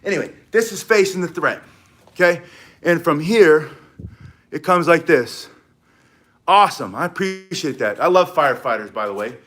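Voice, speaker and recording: Excitable, slightly hoarse man. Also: a little high, moderate pace, pauses often. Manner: excitable, rambling, talks to a live audience. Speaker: self-defense instructor. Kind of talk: live instructional demonstration.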